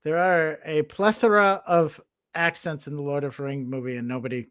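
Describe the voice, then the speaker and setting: A man from the United States co-hosting a casual chat show, talking in an animated way and laughing as he talks. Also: a little high, normal speed, clear, resonant tone. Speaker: co-host.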